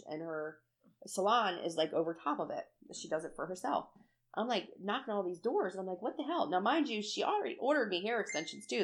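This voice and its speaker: A woman in casual chat, telling a story with lots of feeling, acting out what she said and cursing freely. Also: fairly low pitch. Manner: animated storytelling, acts out her own quotes, swears freely.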